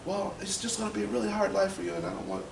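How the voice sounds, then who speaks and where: A man's voice: fairly even intonation, very fast, gravelly. A man imitating his worried, loving mother with a raised, pleading voice while recounting a story, recorded in a roomy space from a distance with background noise. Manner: high-pitched, pleading. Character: worried loving mother questioning her son. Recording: roomy, distant, noisy ambience.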